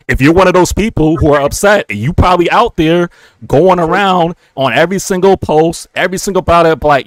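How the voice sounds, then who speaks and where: A man, co-hosting a live chat stream, talking in an animated, slangy, emphatic way. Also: fairly high pitch, a little fast, no echo. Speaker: livestream co-host. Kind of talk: casual chat.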